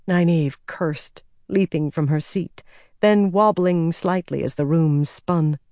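A man narrating a fantasy novel as an audiobook in an even, steady storytelling manner. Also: fairly high pitch, no room sound, clean studio sound.

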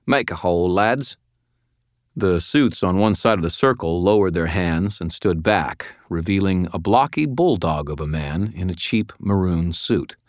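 Audiobook narrator, man, very low voice, dry close studio sound, even first-person storytelling. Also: normal speed, few pauses, no echo.

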